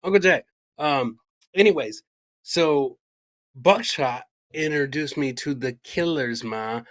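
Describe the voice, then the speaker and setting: A man's voice: mid-range voice, slow. A man co-hosting a casual podcast, rambling, joking and swearing freely. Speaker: podcast co-host.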